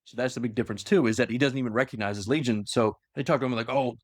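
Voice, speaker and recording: A man's voice: medium pitch, very fast, no echo, studio quality. A man casually retelling a story in a loose, rambling way with many fillers. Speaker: lore explainer. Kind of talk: casual lore chat.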